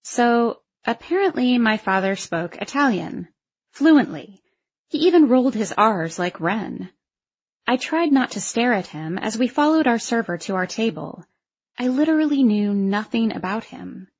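A woman's voice: on the high side, big pitch swings, normal speed, darkish tone, husky, muffled recording. Wry woman reading first-person story. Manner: wry, self-conscious teen narrator voice. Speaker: audiobook narrator.

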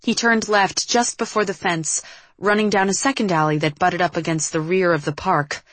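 A woman reading a tense action story aloud as an audiobook narrator, in a steady storytelling manner. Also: fairly low pitch, normal speed, no echo. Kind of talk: scripted narration.

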